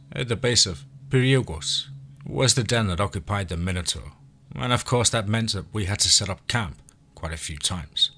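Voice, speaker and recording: A man narrating an audio story in a measured, steady storytelling voice. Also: deep voice.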